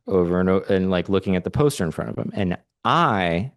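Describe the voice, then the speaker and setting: A man from California with a fairly low voice, chatting casually as a podcast co-host over a remote call. He tells his story with lively energy and jumps into quick impressions of the people in it.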